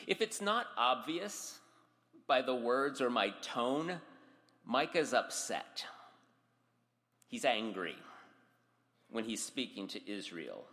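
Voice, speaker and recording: A man's voice: mid-range voice, sing-song, slow, long pauses, sharp tone, in a large hall. A man preaching a sermon, reading scripture dramatically and speaking directly to his congregation. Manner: dramatic, voices scripture with raised intensity. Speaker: pastor.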